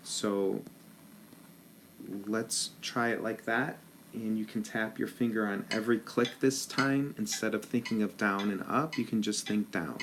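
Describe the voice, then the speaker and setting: Slow, low-voiced male band teacher. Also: steady tone, a bit bright, slight background noise. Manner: patient, counts rhythms aloud in ta syllables. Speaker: band director. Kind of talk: rhythm lesson with counting aloud.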